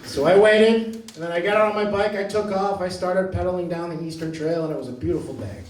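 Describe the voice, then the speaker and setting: A male stand-up comedian with a high voice tells his stories with lively energy and often laughs partway through a line. He sounds as if he was recorded from a distance in an echoey club, with a faint hiss underneath. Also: fairly quick. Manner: animated storytelling, often laughing mid-line. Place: comedy club stage before a live audience. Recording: roomy club sound caught from afar.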